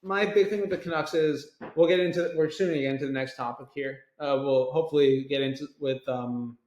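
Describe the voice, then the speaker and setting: Steady man in an echoey room. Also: a little high, brisk, highs cut off. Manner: steady, steering the talk with many ums. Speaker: podcast co-host. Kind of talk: casual sports chat.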